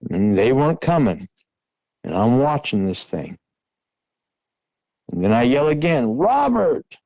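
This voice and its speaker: A middle-aged man earnestly retelling a tense encounter in the first person, now and then shouting out the calls he made. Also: medium pitch, expressive, a little slow, dry recording, rough recording. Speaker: guest recounting an encounter.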